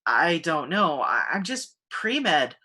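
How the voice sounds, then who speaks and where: A woman's voice: sits low, very animated, takes it slowly, pushed and bright, breathy edge, heavily acted. A woman voicing a young nonbinary pre-med student in an audiobook reading, hesitant and bewildered.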